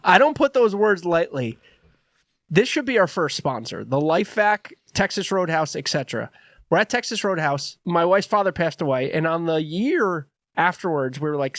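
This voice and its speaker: Animated young man telling a story. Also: on the high side, no echo, studio quality. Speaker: podcast co-host. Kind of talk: casual storytelling chat.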